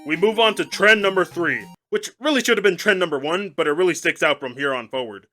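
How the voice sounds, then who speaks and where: A man's voice: sits high, lively intonation, a little fast, pushed and bright, soft background music. A young man giving a sarcastic comedic film review, with exaggerated outbursts.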